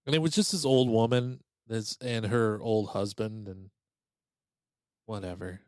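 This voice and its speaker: A man's voice: fairly low pitch, a little slow, no room sound. Dry, close-miked storytelling man. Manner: animated, acts out quoted voices. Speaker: podcast host. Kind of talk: casual storytelling chat.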